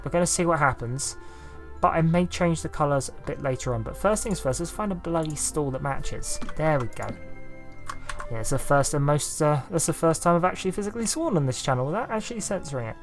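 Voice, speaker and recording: A man from the south of England with a Southern English accent, chatting in a rambling, self-deprecating way as he narrates his game build. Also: fairly high pitch. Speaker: YouTuber building in a life-sim game. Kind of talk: casual gameplay commentary.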